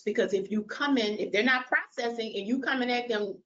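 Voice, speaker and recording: A woman's voice: a little high, fairly quick, few pauses. A woman presenting a caregiver training workshop, explaining concepts and asking the audience questions. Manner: animated, quizzes audience with show of hands. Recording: dull lo-fi sound.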